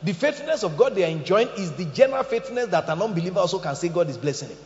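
A male preacher with a high, lively voice that swoops up and down as he tells stories and quizzes his congregation. His sermon echoes through a large hall with a long reverb, and the sound is slightly dull. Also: racing. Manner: animated storytelling, asks the congregation questions.

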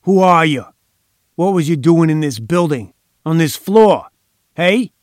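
A man's voice: mid-range voice, measured pace, no room sound, clean studio sound. A man voicing a brutal, menacing male gang boss who bullies and roars. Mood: roaring. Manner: roaring, bullying.

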